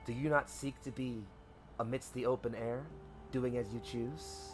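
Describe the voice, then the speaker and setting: Man doing a vast old sky whale, deep and booming, slow, solemn, tabletop game voice, faint music. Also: fairly even intonation, natural voice. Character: huge ancient sky whale, deep and calm.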